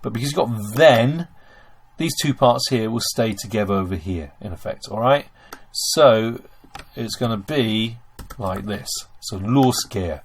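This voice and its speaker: A man teaching German grammar in a screen-recorded lesson, explaining step by step and calling his viewers ladies and gentlemen. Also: lowish voice, animated, a little slow, breathy edge.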